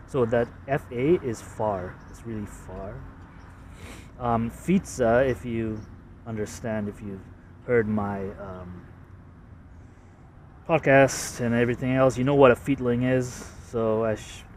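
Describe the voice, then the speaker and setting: Canadian guy showing his drawings, slow and full of ums, kinda far from the mic, traffic faint behind. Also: mid-range voice, darkish tone. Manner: hesitant, filler-heavy, self-deprecating. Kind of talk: casual rambling walkthrough.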